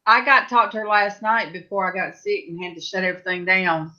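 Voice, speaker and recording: Woman, panelist, higher voice, bright forceful tone, hesitant, dull lo-fi audio. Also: fairly even intonation, brisk. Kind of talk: casual chat on a livestream.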